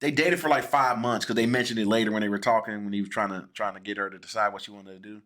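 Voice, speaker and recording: A man hosting a casual movie review chat with his sister, joking and animated, with frequent restarts. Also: on the low side, quick pace. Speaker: host.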